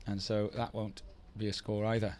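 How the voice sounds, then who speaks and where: A man's voice: fairly low pitch, flat delivery, normal speed, darkish tone. A man doing live commentary on a surf contest, chatty and teasing, with self-deprecating banter between the heats.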